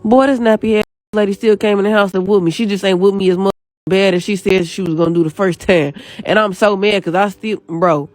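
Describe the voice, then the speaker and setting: A young woman telling a personal story in casual, animated, slang-heavy talk. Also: mid-range voice, fairly quick, no room sound.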